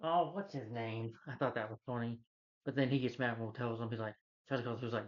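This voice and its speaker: Male film reviewer, casual and rambling, mid-pitched voice on a slightly muffled recording. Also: quick pace. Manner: rambling plot retelling with many fillers and restarts.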